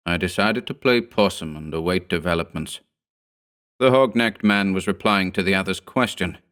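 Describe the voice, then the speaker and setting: A man reads a horror audiobook in a measured, grave way, letting each sentence settle. His voice sits on the low side. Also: fairly bright tone, smooth. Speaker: narrator. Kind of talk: scripted horror audiobook narration.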